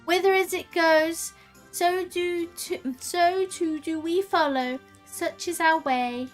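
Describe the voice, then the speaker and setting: Fey spirit, high and grand, as a woman reads her aloud: teasing, haughty, slow delivery. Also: fairly even intonation, soft background music. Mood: theatrical.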